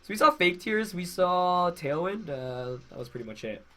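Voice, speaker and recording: A man's voice: sits high, very animated, moderate pace, bright, forceful tone. A young man with a head cold, congested, casually commentating his own match while thinking aloud with fillers and self-corrections. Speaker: game commentator.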